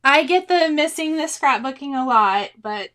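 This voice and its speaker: A woman's voice: sits high, lively intonation, normal speed, a bit bright. A woman in her forties hosting a cross-stitch livestream, chatting casually and reading viewers' comments with frequent laughs and exclamations.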